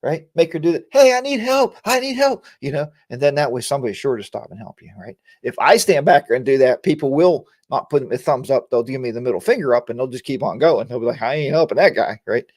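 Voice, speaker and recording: A man's voice: mid-range voice, fast, few pauses, darkish tone, no room sound, studio quality. A man hosting a casual motorcycle live chat, getting worked up and ranting while answering viewers by name. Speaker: live chat show host.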